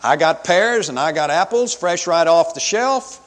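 A man's voice: a little high, lively intonation, a little slow, fairly bright tone, pitched above the performer's own voice. A man voicing Cain as a boastful, brash farmer, reciting his lines in a sing-song rhyming brag. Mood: bragging. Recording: long hall reverb.

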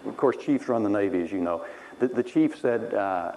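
A man's voice: lowish voice, animated, moderate pace, darkish tone, a little hiss or hum, low-quality recording. A man from Texas preaching a sermon through personal stories, wry and self-mocking, laughing at himself as he tells them.

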